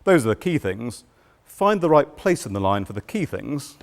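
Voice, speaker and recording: A man giving a lecture on writing verse, measured and explanatory with a dry humor. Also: medium pitch, very animated, gravelly.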